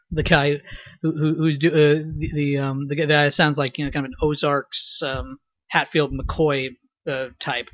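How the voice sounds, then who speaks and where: A young man talks through a commentary in a loose, rambling way, stopping and restarting his sentences. His voice sits a little high. The recording is dull and dry, with no room sound. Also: dry recording. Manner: rambling, many fillers and restarts. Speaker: director giving a fan dub commentary. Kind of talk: unscripted spoken commentary.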